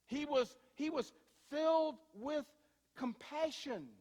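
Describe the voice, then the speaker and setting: A man preaching a sermon as pastor in a church, telling everyday stories in a conversational way, slowing down to stress points and speeding through asides. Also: very high-pitched, a little mellow, long reverb tail. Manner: conversational storytelling, shifting from slow emphasis to quick asides. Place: church sanctuary.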